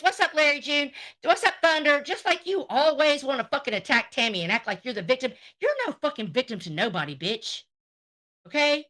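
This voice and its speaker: A high-pitched woman with a sharp tone hosts a livestream, greeting her chat while she rants at a rival. Her rant is profane, confrontational and sarcastic.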